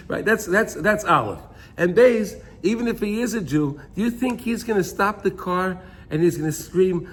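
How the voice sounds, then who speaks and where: Husky-voiced man teaching a chatty class. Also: high-pitched, moderate pace. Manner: chatty, tells stories, checks in with "right?". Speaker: Torah teacher. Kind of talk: informal Torah class.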